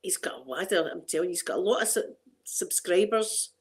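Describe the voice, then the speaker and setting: A middle-aged woman from Scotland hosts an ASMR channel, chatting casually and rambling to her viewers with frequent restarts and laughter. Her voice is fairly low-pitched, animated, and a little fast.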